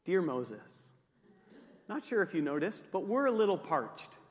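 A man voicing a polite note from grumbling Israelites in a mock-formal, quiet, dry tone, in a hall with a long echo. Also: high-pitched, very animated, a little slow.

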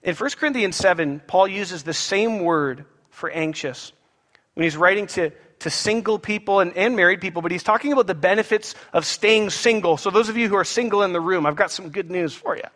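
A man preaching a sermon, with animated, playful asides to the congregation. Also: high voice, brisk. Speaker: pastor. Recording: echoey hall with long reverb.

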